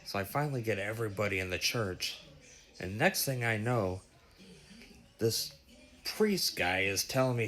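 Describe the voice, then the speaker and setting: Lowish-voiced man, swearing and animated. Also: a little slow, long pauses. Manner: animated, profane, breathless retelling. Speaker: vlogger recounting a dream. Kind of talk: casual storytelling.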